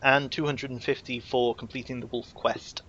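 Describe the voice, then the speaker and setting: A man's voice: medium pitch, level tone, moderate pace, lo-fi sound, a crowd in the background. A man running a tabletop game as game master, talking in a rambling, playful way with lots of fillers.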